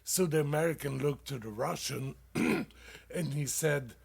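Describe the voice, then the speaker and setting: A man hosting a comedy show, telling stand-up dad jokes in a halting, casual, profane way, with lots of fillers and loud laughs at his own punchlines. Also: fairly high pitch, creaky, husky.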